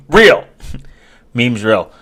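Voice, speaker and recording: A man's voice: medium pitch, very animated, very slow, a bit bright. A man vlogging in a rambling, joking way, talking straight to his viewers with many fillers and restarts. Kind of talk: casual rambling talk to viewers.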